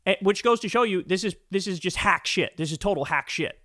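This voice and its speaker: A man's voice: high-pitched, lively intonation, a little fast, bright, forceful tone, no echo, studio quality. A man hosting a political commentary show, ranting angrily and emphatically with lots of profanity.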